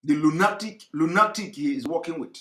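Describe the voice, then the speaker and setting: A man delivering an impassioned, mocking monologue, often shouting and repeating himself. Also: fairly high pitch, a little fast, roomy sound. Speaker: commentator.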